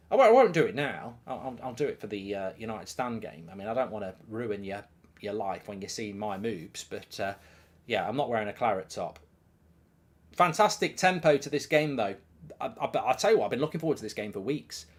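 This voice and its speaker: Hosting a live football watchalong, this middle-aged man chats loosely and reads out comments from viewers, with sudden loud outbursts of excitement. His pitch is medium and his voice has a slightly rough texture.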